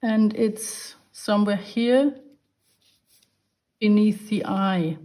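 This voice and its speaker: Slow, patient woman teaching drawing. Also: mid-range voice, dark tone. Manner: patient, explaining step by step while drawing. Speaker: art teacher. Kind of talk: drawing lesson.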